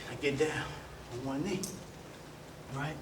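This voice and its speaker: A man telling a joking, animated story to a live audience, talking straight to the crowd, with a relaxed sound. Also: medium pitch, takes it slowly, distant mic. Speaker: motivational speaker. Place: large room with an audience. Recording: echoey room from afar with crowd noise.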